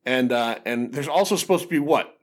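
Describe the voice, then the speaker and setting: A man's voice: mid-range voice, lively intonation, fairly quick. A man hosting a casual film podcast, recapping scenes with lots of fillers and restarts. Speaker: podcast host.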